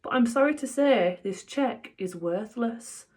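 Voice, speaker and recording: A woman's voice: on the high side, animated, measured pace, a little mellow, voice pushed up. Woman doing a gushing, overwrought dad. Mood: emotional. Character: emotional middle-aged father, soft-hearted and dramatic.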